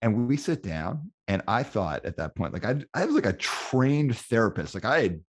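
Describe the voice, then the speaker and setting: A man hosting a podcast and telling a story in a chatty, animated way. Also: mid-range voice, normal speed. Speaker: podcast host. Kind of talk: casual storytelling in an interview.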